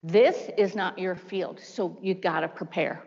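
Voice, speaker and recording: A woman in her fifties, a prosecutor, giving a chatty seminar talk full of lively asides. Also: fairly low pitch, unhurried, creaky. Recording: dull lo-fi sound in a large hall.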